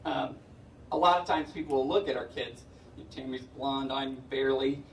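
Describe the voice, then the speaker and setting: A man's voice: mid-range voice, normal speed, a little hiss or hum. Middle-aged man, stand-up comedian, chatty, self-deprecating, distant echoey hall. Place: indoor event hall.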